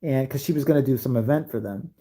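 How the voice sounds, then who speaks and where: A man's voice: medium pitch, fast, mellow. A man casually telling stories from his childhood, swearing often and laughing. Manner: profane, laughing, loose. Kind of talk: casual storytelling.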